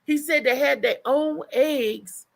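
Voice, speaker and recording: Speaking slowly in a high, creaky voice, a female co-host shares stories on a casual livestream chat. She's lively, keeps restarting her sentences, and laughs a lot.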